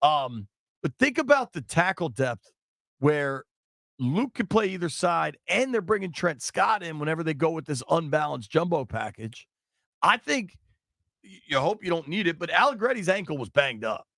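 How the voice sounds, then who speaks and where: A man hosting a sports radio show, chatting excitably with callers and his co-host in a studio. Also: on the high side, normal speed, creaky, no room sound. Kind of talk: sports talk radio chat. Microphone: studio microphone.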